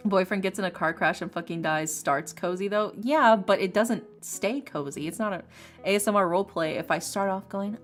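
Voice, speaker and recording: A woman streamer chats casually with her audience in a fairly low voice, emphatic and opinionated, breaking into frequent laughs. She argues her points with animated energy. Soft lofi music plays faintly underneath. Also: moderate pace. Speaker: streamer, ASMR creator. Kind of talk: casual chat on a livestream.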